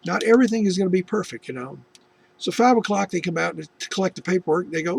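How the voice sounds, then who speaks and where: A man's voice: high voice, fast, gravelly, a little hiss or hum. A middle-aged man from the United States telling a personal faith testimony, rambling with many restarts and asides. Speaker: video testimony host.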